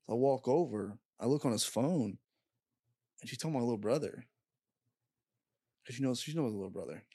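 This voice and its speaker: A young man guest on a podcast, telling a story in casual chat, halting with lots of fillers and swearing. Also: medium pitch, animated, warm tone, slightly rough, dry recording, clean studio sound.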